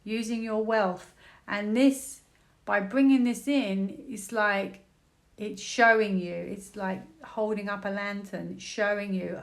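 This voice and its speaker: A British woman doing a tarot reading, thinking out loud, exclaiming and repeating words as she turns cards. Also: mid-range voice, steady tone, slow pace, gravelly. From United Kingdom. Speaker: tarot reader.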